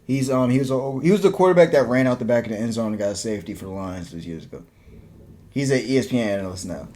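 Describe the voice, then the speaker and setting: A man co-hosting a podcast in casual chat, animated and often laughing, with many restarts. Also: medium pitch, fast talker. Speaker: podcast co-host.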